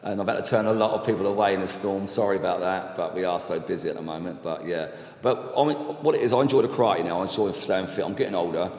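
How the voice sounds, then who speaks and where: A man's voice: deep voice, fast talker, few pauses, a little mellow. A man in his fifties, a podcast guest, talking in an earnest, rambling way with many agreeing fillers, recorded in an echoey room. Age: 50s. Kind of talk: casual chat. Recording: echoey room with long reverb.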